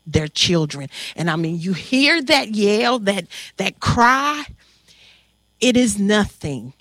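Woman, panel moderator; animated, halting storyteller; dry, close sound. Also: fairly low pitch, no echo. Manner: animated, halting with fillers, emotional. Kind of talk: emotional storytelling to an audience.

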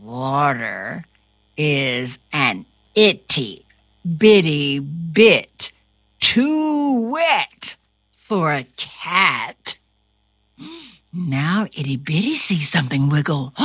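A woman reads a children's storybook aloud, her bright voice rising and falling in wide swoops. She takes her time over every line and adds gasps and little sound effects for fun. The recording is close and dry. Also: deep voice, dry recording. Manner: slow, sing-song and animated, with gasps and playful sound effects. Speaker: storybook reader. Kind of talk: children's picture book read-aloud.

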